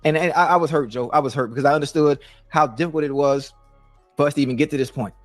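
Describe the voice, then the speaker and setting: A middle-aged man, a former football player, telling a story in a casual talk show, animated and addressing his co-host by name again and again. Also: fairly high pitch, fast talker, dry recording, faint music behind.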